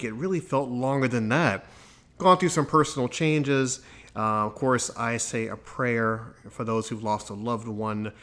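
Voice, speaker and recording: A man's voice: medium pitch, a bit bright. A man hosting his own podcast, talking in an upbeat, chatty monologue and reeling off plugs. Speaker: podcast host.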